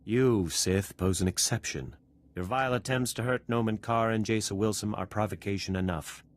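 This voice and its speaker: A man playing a calm principled Jedi. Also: lowish voice, close to an everyday voice. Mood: earnest. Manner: measured, earnest. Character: thoughtful male Jedi Knight, calm and principled.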